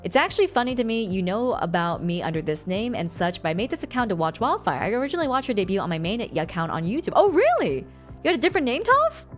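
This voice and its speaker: A woman's voice: medium pitch, fast, few pauses, soft background music. A young woman streaming live, casually chatting with her viewers, reading their messages aloud and laughing often. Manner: animated, laughs often, reads chat aloud.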